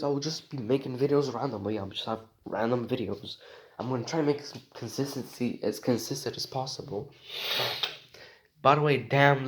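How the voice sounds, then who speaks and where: A man's voice: mid-range voice, rough recording. A man, talking outdoors in a rambling personal vlog, meandering and repeating himself with plenty of fillers. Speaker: vlogger.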